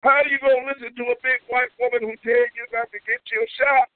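A man hosting a call-in comedy show, ranting loudly and profanely with whooping shouts, heard over a tinny phone line. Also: extremely high pitch, level tone, a little fast, no room sound, soft background music. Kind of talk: comedic call-in radio rant.

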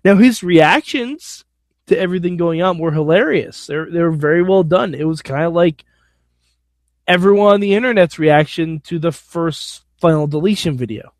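A man's voice: on the high side, normal speed, no room sound, studio quality. A man hosting a podcast alone, giving a casual wrestling recap in an opinionated, blunt, sometimes profane way. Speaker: podcast host.

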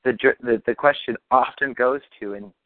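A man's voice: medium pitch, normal speed, dry recording. A man leading a practitioner call, talking in a meandering, reassuring way and often repeating himself. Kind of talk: casual coaching talk. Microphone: phone or call line. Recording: phone-like dry line.

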